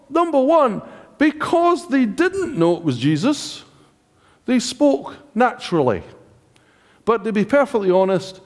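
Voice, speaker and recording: A man with a British accent preaching a sermon in a chatty, joking way, often asking the congregation questions. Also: high-pitched. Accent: British English. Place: church hall. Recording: church hall reverb.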